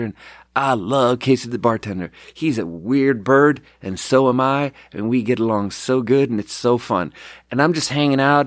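A man hosting a podcast, telling rambling, animated anecdotes in casual chat. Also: mid-range voice, no echo, studio quality. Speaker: podcast host.

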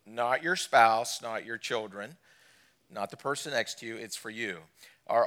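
A middle-aged man preaching a sermon as a guest speaker, fast-talking and folksy. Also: lowish voice, bright, forceful tone. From Alabama.

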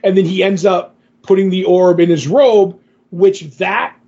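A man's voice: sits high, fairly even intonation, unhurried, mellow. A man hosting a podcast, casually retelling a comic book story with lots of fillers and quoted dialogue. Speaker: podcast host. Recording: dull lo-fi podcast audio.

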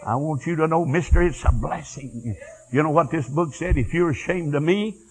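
An older man preaching a fiery revival sermon, moving from quiet storytelling to shouted praise. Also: fairly high pitch, moderate pace, rough recording. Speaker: evangelist.

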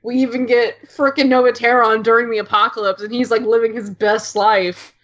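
A woman guest on a podcast, gushing and excitable, acting out scenes and saying "like" a lot. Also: a little high, a little fast, highs cut off. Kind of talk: casual podcast chat.

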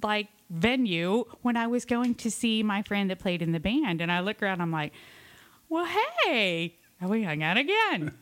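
A woman's voice: medium pitch, animated, normal speed, hardly any pauses, no room sound. A woman co-hosting a radio show, candidly telling a bawdy story in a casual way and laughing often.

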